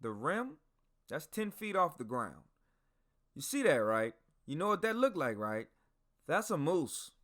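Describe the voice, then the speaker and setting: A man's voice: fairly high pitch, measured pace. Profane, chatty male podcast host. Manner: profane, animated, talks straight to listeners. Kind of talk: casual storytelling.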